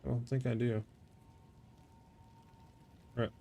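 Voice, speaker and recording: A man streams a game and talks loosely to his viewers, his sentences trailing into fillers and restarts. His voice sits at a middling pitch. A faint hiss of background noise runs under him. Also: level tone, slow pace, dark tone. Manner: rambling, heavy on fillers like "like" and "you know"; talks to chat by name, easily restless. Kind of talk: casual live-stream chat while gaming.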